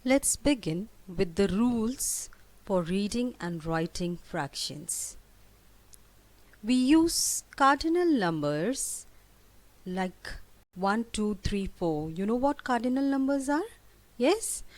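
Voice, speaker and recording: A woman's voice: mid-range voice, darkish tone. A woman teacher giving a lesson, asking questions and answering them herself, spelling words out and repeating key words. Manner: asks questions and answers them herself, emphatic rising prompts. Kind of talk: classroom lesson for children.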